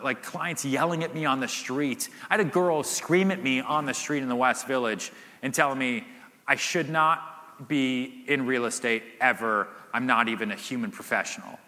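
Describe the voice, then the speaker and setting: A man in his thirties, a guest at a live event, telling stories in a lively way, laughing often and filling his talk with "like". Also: medium pitch, moderate pace. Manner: animated storyteller, laughs often, many "like" fillers. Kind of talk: live Q&A storytelling. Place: event stage. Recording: reverberant hall.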